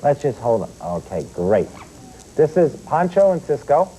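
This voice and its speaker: On a children's TV show, a pet expert explains animals and questions the studio kids directly, his fairly high voice warm and very animated at normal speed. The recording is low-quality, with slight background noise.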